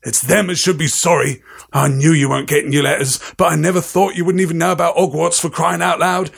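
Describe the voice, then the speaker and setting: A man voicing a huge, gruff, indignant male giant gamekeeper while reading a story aloud. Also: fairly even intonation, a little fast, exaggerated voice. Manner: booming, indignant.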